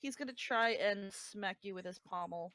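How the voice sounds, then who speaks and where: A woman's voice: mid-range voice, normal speed, fairly bright tone, no echo, rough recording. A woman as game master of a casual tabletop game, narrating combat between laughing, swearing banter.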